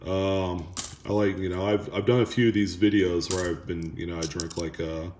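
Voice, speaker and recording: Low-voiced rambling man in echoey room. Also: flat delivery, darkish tone, slight background noise. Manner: rambling, halting, talks to viewers. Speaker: coin roll hunting channel host. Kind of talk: casual chat while sorting coins. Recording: echoey room with coin clinking.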